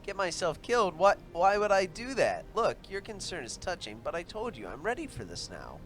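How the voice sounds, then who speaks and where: A man's voice: sits high, sing-song, moderate pace, a bit bright, slight background noise, pitched above the performer's own voice. A man voicing a brash young elf with a cracking voice. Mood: defensive. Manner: raised, strained voice that cracks. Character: brash young male elf adventurer, touchy and boastful.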